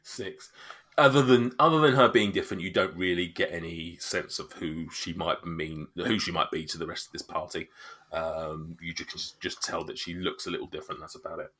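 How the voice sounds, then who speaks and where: Bright-toned man running a tabletop game. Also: low-pitched, steady tone, fairly quick. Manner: rambling, full of fillers and restarts. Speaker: game master.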